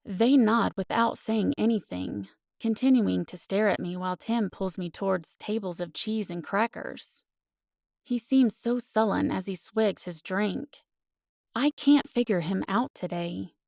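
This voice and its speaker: A woman narrating a first-person romance audiobook with expressive, earnest storytelling. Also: mid-range voice, a little slow, gravelly, no room sound, studio quality.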